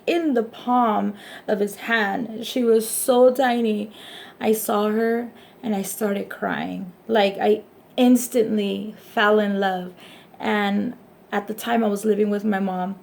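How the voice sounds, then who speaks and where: A woman's voice: mid-range voice, fairly even intonation, takes it slowly, creaky, a little mellow. A young woman chatting casually in a personal vlog, rambling and laughing often as she talks. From Hispanic background, raised in the US.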